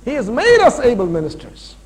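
Lively high-voiced man in his forties preaching. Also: a little fast, low-quality recording. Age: 40s. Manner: animated preaching with rising and falling emphasis. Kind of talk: sermon.

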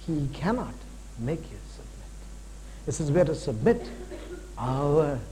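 A pastor in his forties preaches animatedly, his high, lively voice climbing and dropping all over. He swings between loud, punchy emphasis and hushed, drawn-out points. The recording is rough, with a faint hum underneath.

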